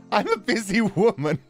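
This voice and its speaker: A man's voice: high-pitched, voice pushed up, exaggerated voice. A man voicing an impatient village woman who brushes off a stranger in a visual novel.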